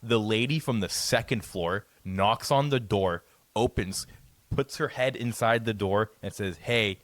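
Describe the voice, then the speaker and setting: A man's voice: fairly low pitch, measured pace, no echo. Stammering, swearing man telling a story. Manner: rambling, swearing, stammering restarts. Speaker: podcast co-host. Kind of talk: casual storytelling.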